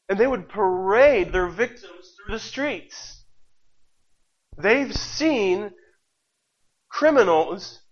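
Impassioned male preacher, lo-fi sound. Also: high-pitched. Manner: impassioned, repetitive preaching with rhetorical questions. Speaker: pastor. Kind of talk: sermon. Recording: dull lo-fi recording.

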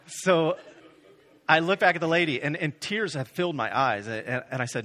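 A man's voice: on the high side, a little fast, bright, forceful tone. A young man from Florida telling a comic story on stage and acting out both sides of the conversations in it. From Florida, USA. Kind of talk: stand-up storytelling.

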